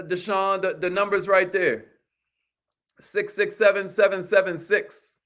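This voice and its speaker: A man hosting a motivational livestream, hyping viewers with repeated call-and-response lines and shout-outs to viewers. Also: sits high. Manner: energetic, repetitive call-and-response hype with "y'all".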